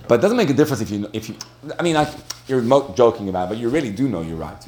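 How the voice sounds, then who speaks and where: A man's voice: medium pitch, animated, a little fast, a little mellow, a little hiss or hum. A man speaking to a live audience, telling a story in a chatty way with frequent restarts and laughter. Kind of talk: storytelling talk on marriage.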